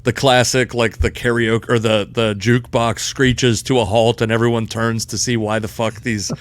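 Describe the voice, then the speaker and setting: A young man co-hosting a podcast, telling a story in casual chat. He swears freely and gets loud and laughs at the big moments. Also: mid-range voice, flat delivery, normal speed, clean tone. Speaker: podcast co-host.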